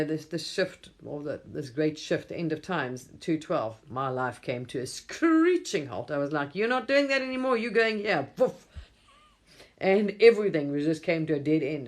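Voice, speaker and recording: A woman's voice: low-pitched, a little mellow. A middle-aged woman from England hosting a casual late-night livestream on her phone, rambling and chuckling often. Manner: rambling, chuckles often, mimics voices in quotes. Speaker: livestream host.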